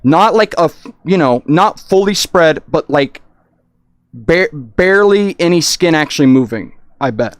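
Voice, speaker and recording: A man chatting casually on a livestream, rambling and excitable, often restarting his sentences. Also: a little high, measured pace, no room sound.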